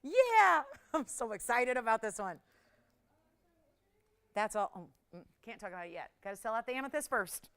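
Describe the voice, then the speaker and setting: A woman hosting a live jewelry shopping show, chatty and excitable, often laughing and talking to callers and operators. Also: a little high, normal speed, long pauses, smooth.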